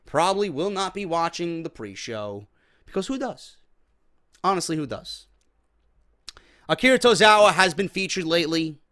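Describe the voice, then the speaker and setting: A man's voice: high voice, expressive, moderate pace, long pauses, a bit bright. A man hosting a wrestling commentary show, ranting in a profane, exasperated way. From New York.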